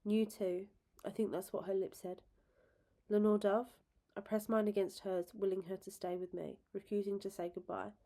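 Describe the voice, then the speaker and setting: Woman reading a story, mellow tone. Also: medium pitch, fairly quick, few pauses. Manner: expressive, emotional reading. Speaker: reader. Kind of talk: expressive audiobook narration.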